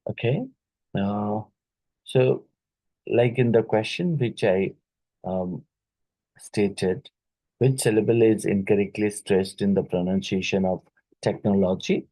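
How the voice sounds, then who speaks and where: Slow husky man teaching exam answers. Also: fairly low pitch, warm tone, no room sound, rough recording. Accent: Indian English. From India. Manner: slow, repeats key words, many fillers. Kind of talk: exam question-and-answer lecture.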